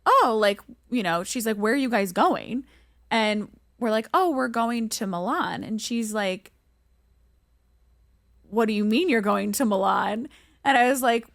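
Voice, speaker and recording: A young woman co-hosting a podcast, telling a travel story in a casual, animated way and acting out the voices in it. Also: on the high side, no echo, studio quality. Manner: animated, acts out quoted voices, many "like"s. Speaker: podcast co-host.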